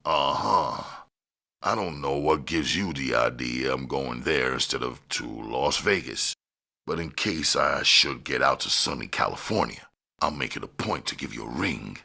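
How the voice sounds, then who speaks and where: A man's voice: extremely low pitch, expressive, unhurried, creaky, sharp tone, full character voice. A man voicing a hard, commanding gang leader in an audiobook, barking blunt, profane orders. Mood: guarded. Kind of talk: audiobook character voice.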